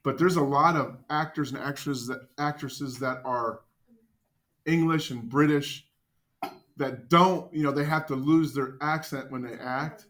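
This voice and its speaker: A man teaching a math class, joking with students and quizzing them with quick questions. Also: medium pitch, fairly even intonation, a bit bright.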